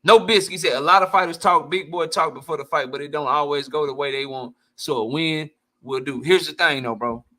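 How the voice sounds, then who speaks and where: A man with a high, bright voice hosting a boxing channel, answering his live chat with casual commentary. He talks in an animated, blunt way, with heavy slang and plenty of swearing. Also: brisk. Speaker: boxing YouTube host.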